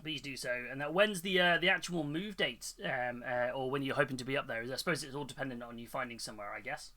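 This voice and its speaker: Bright-voiced chatty male streamer. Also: medium pitch, fast. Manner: chatty and rambling, reading chat and telling corny jokes. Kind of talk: casual live-stream chat.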